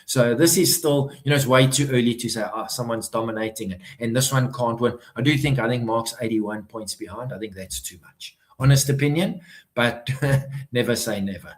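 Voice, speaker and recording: A man co-hosting a live-streamed chat who offers his opinions at an easy pace. He has a mid-range voice and often hedges with "I think". His manner is relaxed and conversational. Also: mid-range voice, moderate pace, rough recording. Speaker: podcast co-host.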